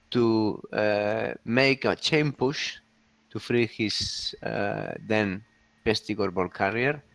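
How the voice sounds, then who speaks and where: A man co-hosting a casual game league recap, talking with many pauses and restarts. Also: medium pitch, a bit bright, dry recording. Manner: hesitant, many fillers and restarts.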